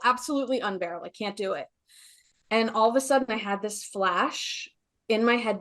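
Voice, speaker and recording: A middle-aged woman speaks as a guest, telling a deeply personal story. Her voice sits at a middle pitch, and her delivery is earnest and emotional, full of restarts and little fillers like "you know" as she searches for words.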